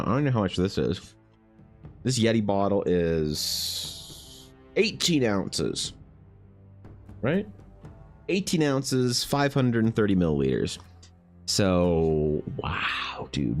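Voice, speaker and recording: Deep-voiced man streamer, rambling profane banter, faint music under. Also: big pitch swings, measured pace. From Canada. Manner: rambling, joking, profane, with many restarts. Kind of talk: casual live-stream chat while drawing.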